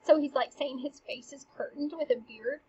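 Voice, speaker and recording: A woman's voice: high voice, moderate pace, a little mellow, highs cut off. A woman teaching, casually walking through a play scene by scene in a chatty, eager way. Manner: chatty and eager, retells lines with "he's like".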